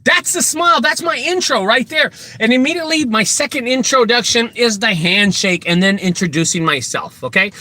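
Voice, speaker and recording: A man who runs a junk removal business, telling animated, joking stories full of asides as he gives casual advice. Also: very high voice, moderate pace, hardly any pauses. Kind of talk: casual storytelling advice talk.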